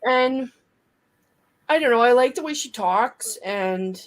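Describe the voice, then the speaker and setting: A woman's voice: fairly high pitch, lively intonation, takes it slowly. A woman chatting casually on a livestream in an enthusiastic, rambling way. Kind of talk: casual chat.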